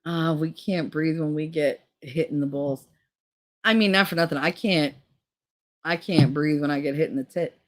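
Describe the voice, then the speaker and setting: A woman's voice: sits low, moderate pace. A middle-aged woman streaming a casual chat, rambling through crude stories with lots of swearing.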